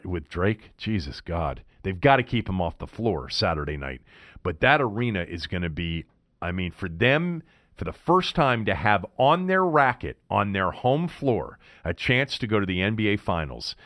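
A man's voice: on the low side, a bit bright, dry recording, clean studio sound. A middle-aged man hosting a sports radio show, telling a rambling story in a casual, chatty way. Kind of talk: casual monologue. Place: radio studio.

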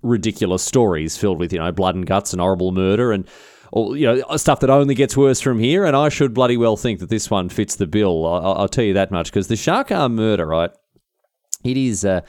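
A man's voice: fairly low pitch, fairly quick, a little mellow, dry recording, clean studio sound. A man with an Australian accent hosting a comedic history podcast, rambling and mock-indignant, swearing casually as he tells the story. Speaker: podcast host.

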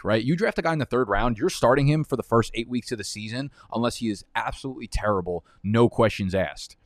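Rambling through his fantasy football draft on a live stream, a young man fires off heated, profanity-laced rants about the picks. The medium-pitched voice comes through studio-clean, without echo.

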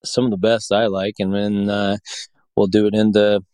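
Low-voiced guy rambling about game meat, lots of ums and restarts, dry close mic. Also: level tone, moderate pace, a little mellow, no echo. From Pacific Northwest. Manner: rambling with many fillers and restarts. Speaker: podcast guest, hunter. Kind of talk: casual chat.

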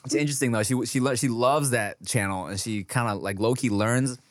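A man chatting casually as a podcast co-host, relaxed and storytelling, often quoting his little daughter in a high voice. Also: brisk, no room sound, clean studio sound. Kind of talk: casual crude chat.

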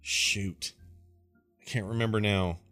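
A man co-hosting a casual podcast, telling rambling stories in a lively, animated way. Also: on the low side, takes it slowly, dry recording, faint music behind. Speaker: podcast co-host. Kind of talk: casual chat.

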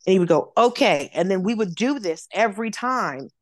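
Comedian woman from Atlanta, mid-pitched, swears freely, dry close mic. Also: a little fast, no room sound. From Atlanta, United States. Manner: animated, profane, acts out voices of others. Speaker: comedian guest. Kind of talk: casual storytelling.

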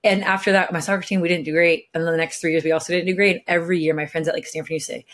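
Speaking very fast with few pauses, a young woman from California tells her story as a guest in a casual chat; she plays soccer professionally. Her lowish voice is steady and slightly bright, and she's bubbly, packs in filler words, and performs quotes.

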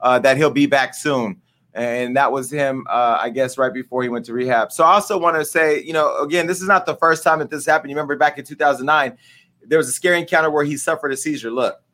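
A man's voice: mid-range voice, fast, sharp tone. A middle-aged man hosting a casual commentary show, talking candidly and emotionally straight to his viewers. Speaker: host.

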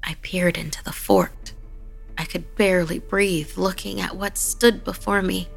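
Horror host, female, low and gravelly; slow, eerie, half-whispered storytelling. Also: fairly even intonation, faint music behind. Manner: slow, hushed, eerie delivery with whispered passages. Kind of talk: dramatic horror story narration.

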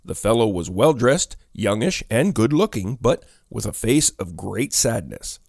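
Guy reading a ghost story, low voice, dry close sound, steady pace. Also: unhurried, creaky, husky, no echo. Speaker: narrator. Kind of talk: scripted narration of a ghost story.

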